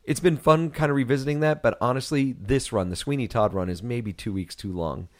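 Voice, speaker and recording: A man's voice: mid-range voice, a little fast. A man co-hosting a podcast in casual chat, telling stories frankly with frequent restarts. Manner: candid, rambling storyteller with many restarts. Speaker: podcast co-host.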